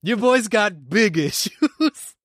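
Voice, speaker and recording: A man's voice: high-pitched, big pitch swings, slow, fairly bright tone, dry recording, studio quality. An American man in his late thirties, hosting a podcast and telling a story casually to a live audience, with many restarts and bursts of laughter. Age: 30s. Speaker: podcast host.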